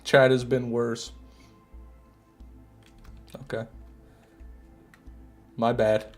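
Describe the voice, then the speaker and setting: A man's voice: medium pitch, little pitch movement, extremely slow, faint music behind. A young man streaming a video game, chatting casually and grumbling to his chat. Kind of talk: casual gameplay commentary.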